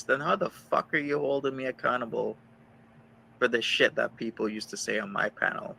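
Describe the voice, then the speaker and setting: A man with a gravelly, very bright voice tears into a rival in a furious, profane rant. He circles back to the same complaint again and again, and he spits out insults in between. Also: medium pitch, normal speed, rough recording. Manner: heated, insulting, repetitive. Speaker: streamer ranting about a rival.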